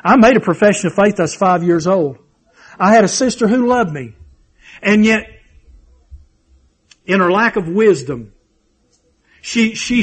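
رجل واعظ بلهجة جنوبية أمريكية، بصوت مرتفع الطبقة، يلقي عظة بحماس وتكرار إيقاعي ويروي قصصاً شخصية. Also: male voice, high-pitched. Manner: fervent, repetitive preaching cadence with personal storytelling. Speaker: preacher. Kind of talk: sermon.

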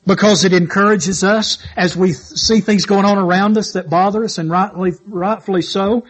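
A man's voice: sits high, fairly even intonation, brisk, few pauses, breathy edge, muffled recording. A man preaching a sermon in church, fervent and repetitive, stressing his points as his voice rises and falls. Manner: fervent, repetitive exhortation with rising and falling emphasis.

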